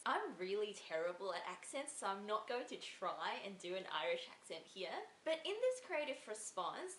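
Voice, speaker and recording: A woman tutor, giving measured, explanatory feedback on a student's writing. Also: a little high, fairly bright tone. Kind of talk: spoken essay feedback. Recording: roomy echo with faint hiss.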